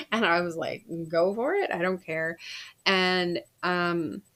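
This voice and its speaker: A woman's voice: lowish voice, slow pace, a bit bright. A woman in her thirties, a podcast host, casually telling a personal story with frequent laughs and fillers. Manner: chatty, laughs often, lots of fillers.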